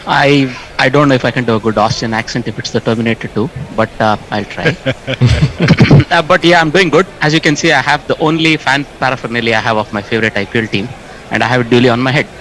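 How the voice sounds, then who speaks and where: A man at an ordinary pitch talks fast and cheerfully as a cricket co-commentator. A faint hiss sits under his voice. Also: fairly even intonation, a bit bright, low-quality recording. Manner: quick, cheerful, upbeat. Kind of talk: casual commentary banter.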